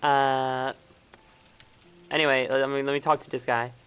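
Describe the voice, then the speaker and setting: A woman's voice: rumbling low, flat delivery, unhurried, clear, resonant tone, faint music behind. A young woman streamer giving casual commentary as she plays, chatty and muttering little asides, often repeating words.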